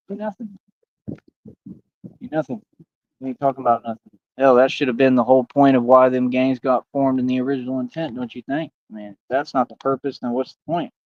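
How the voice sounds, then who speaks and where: A man's voice: medium pitch, no room sound, highs cut off. A man in a casual livestream rant, using street slang, repeating himself and talking straight to his viewers. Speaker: livestream host.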